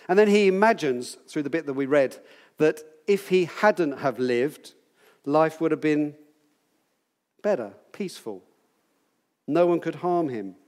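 A man's voice: a little high, expressive, a little slow, long pauses, a little mellow, in a large hall. A man in his sixties, possibly from Britain, teaching a Bible passage to a group in a chatty, playful way, quizzing his listeners as he goes. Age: 60s.

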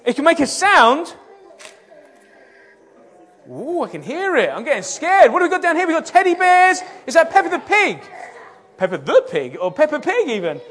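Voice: sits high, huge pitch swings, moderate pace, pauses often, fairly bright tone. A children's church leader talking playfully and coaxingly with a group of children in a church.

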